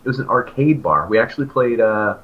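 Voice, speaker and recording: A man in his thirties, a podcast co-host, telling a long story in casual chat and acting out his own excited remarks. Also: medium pitch, a little fast, dull audio. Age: 30s. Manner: animated, jumps into loud excited quoted voices.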